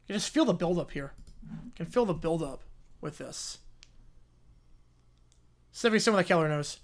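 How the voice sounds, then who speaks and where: A man's voice: fairly high pitch, lively intonation, moderate pace. A man hosts a casual livestream from his home setup and talks straight into a desk microphone. His chat is loose and easygoing, and he echoes his own phrases as he goes. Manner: loose, chatty, repeats phrases. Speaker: livestream host.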